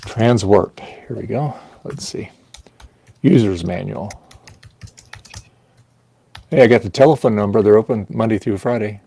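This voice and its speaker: Slow gravelly-voiced man muttering. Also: on the low side, mellow. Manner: slow, hesitant, muttering to himself while searching. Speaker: host of a live repair stream. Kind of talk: casual live-stream chat while working.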